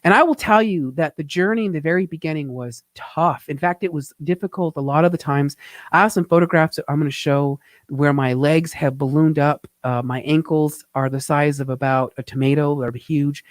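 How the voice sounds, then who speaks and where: Host, man, a touch high, dry close sound, earnest and reflective talk over his photos. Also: no room sound. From Phoenix, Arizona. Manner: reflective, earnest, halting with fillers. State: getting emotional. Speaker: host, tax teacher. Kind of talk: live-show narration over travel photos.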